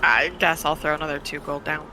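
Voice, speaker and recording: Bright-voiced playful player. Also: medium pitch, level tone, a little hiss or hum, low-quality recording. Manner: playful, quick replies. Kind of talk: casual chat in a tabletop game.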